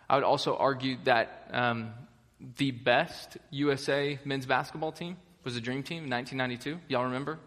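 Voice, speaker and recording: A man's voice: medium pitch, fairly bright tone. A young American man preaching a sermon as pastor, casual, chatty and enthusiastic with lots of fillers. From United States. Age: young adult. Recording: long reverb of a large hall.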